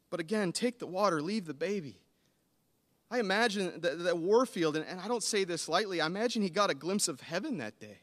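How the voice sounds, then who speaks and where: Earnest male preacher, hall reverb. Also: a little high. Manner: earnest, building to animated emphasis. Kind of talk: sermon.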